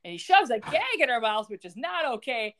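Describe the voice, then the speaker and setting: A young woman chats her way through a TV episode recap on a podcast. She is jokey and animated, slipping into the characters' lines as she tells the story, and her pitch rises and falls a great deal. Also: fairly quick. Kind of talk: casual recap chat.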